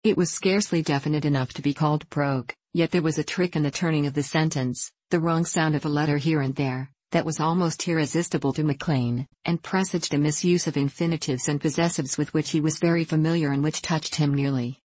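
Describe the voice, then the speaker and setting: Low-voiced woman reading a story. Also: fairly even intonation, a little fast, hardly any pauses, a little mellow, no echo. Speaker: narrator. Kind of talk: audiobook narration.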